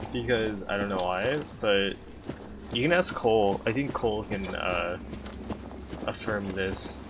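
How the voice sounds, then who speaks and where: A young man with a lowish voice gives casual gameplay commentary. He talks straight to his chat in a dry, sarcastic tone. A steady noise hangs under the recording. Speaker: game streamer.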